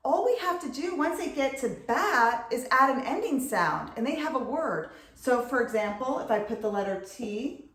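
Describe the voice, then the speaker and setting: A middle-aged woman, a reading tutor, patiently explaining and clearly sounding out syllables in an instructional video. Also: sits high, big pitch swings, moderate pace, a bit bright. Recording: echoey room.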